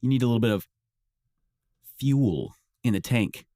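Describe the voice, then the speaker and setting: A man hosting a podcast in casual chat, relaxed and rambling with lots of fillers. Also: medium pitch, moderate pace, no room sound, clean studio sound. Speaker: podcast host.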